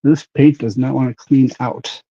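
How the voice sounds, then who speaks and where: A man's voice: mid-range voice, fairly even intonation, normal speed, warm tone, husky, muffled recording. A man hosting a livestream, chatting casually while airbrushing a model and greeting viewers by name. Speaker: livestream host.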